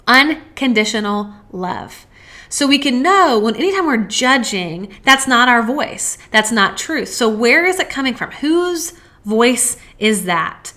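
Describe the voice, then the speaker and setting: A woman hosts a self-help podcast in a bright, ringing voice. She speaks earnestly and stretches out her key phrases. She often asks one rhetorical question after another. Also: on the high side, animated, a little slow. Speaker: podcast host.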